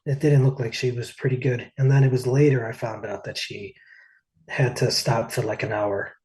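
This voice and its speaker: Chatty man telling stories, middle pitch. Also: steady tone, moderate pace, darkish tone, poor audio. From United States. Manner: rambling, lots of "like" and "uh". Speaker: interview guest, singer. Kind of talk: casual storytelling.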